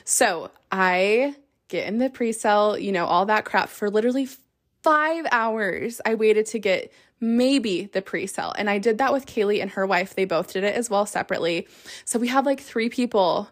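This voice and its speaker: A woman in her thirties hosting a podcast, telling a story in an excitable, chatty way full of fillers. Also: mid-range voice, moderate pace. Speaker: podcast host. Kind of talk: casual chat.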